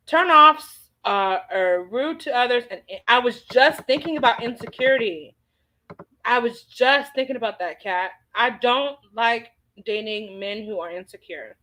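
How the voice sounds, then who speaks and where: Slow, animated woman hosting a livestream chat. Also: mid-range voice, rough recording. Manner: chatty, reacts to comments with playful exclamations. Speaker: livestream host reading viewer chat. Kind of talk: casual chat.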